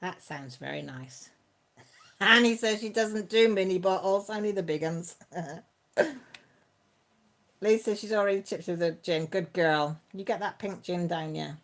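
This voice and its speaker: A woman hosting a casual live stream, chatting warmly with viewers by name and laughing often. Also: medium pitch, a little slow, pauses often. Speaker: channel host reading live chat.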